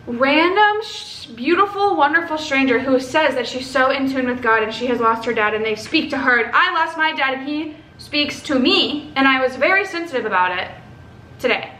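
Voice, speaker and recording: High bright chatty young woman. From Texas. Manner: animated, swearing, quoting others in a raised voice. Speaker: vlogger. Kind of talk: casual story time. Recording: echoey room with faint ambient noise.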